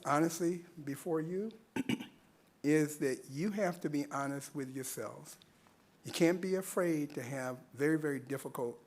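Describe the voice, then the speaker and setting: A man speaking earnestly at a public meeting, using rhetorical questions and repeating points for emphasis at a podium microphone. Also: a little high. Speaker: public commenter. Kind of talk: public comment at a civic meeting.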